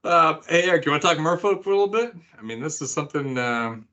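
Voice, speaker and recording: A man's voice: fairly high pitch, expressive, fast, sharp tone. A man co-hosting a casual podcast, bantering and joking with his co-hosts. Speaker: podcast co-host. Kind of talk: casual chat.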